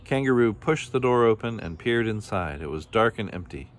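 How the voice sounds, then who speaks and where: A man reading a children's picture book aloud in a plain, steady storytelling manner. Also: fairly low pitch, normal speed. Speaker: storybook reader.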